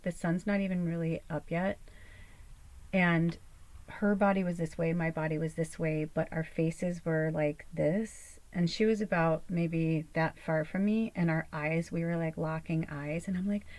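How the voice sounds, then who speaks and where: A woman's voice: fairly low pitch, darkish tone, rough recording. A woman host chatting casually, telling a rambling personal story with plenty of fillers and swearing. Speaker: channel host. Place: small camper or home interior.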